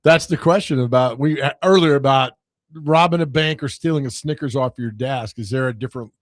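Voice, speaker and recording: A man's voice: medium pitch, fairly quick, no room sound, clean studio sound. A man from Nashville, hosting sports radio in a joking, teasing way. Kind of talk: casual sports radio banter. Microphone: studio microphone.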